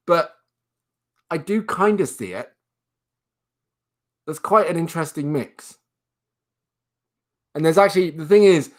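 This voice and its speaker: Cooing in a high-pitched baby voice at his pet rabbit, this livestream host keeps things casual, rambling, laughing and reading viewer comments aloud.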